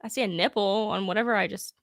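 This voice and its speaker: A woman's voice: mid-range voice, steady tone, quick pace, no room sound, clean studio sound. A woman co-hosting a call-in dating show in casual chat, bubbly and blunt, laughing often and swearing freely while sipping whiskey. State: drinking whiskey.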